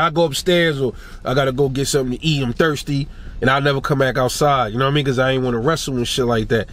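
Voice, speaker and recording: A young man talks straight to the camera in a loose, profane storytelling rant. His voice sits fairly high and climbs further when he gets worked up. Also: quick pace. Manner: animated, swearing, rising pitch when riled up. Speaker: boxing commentator.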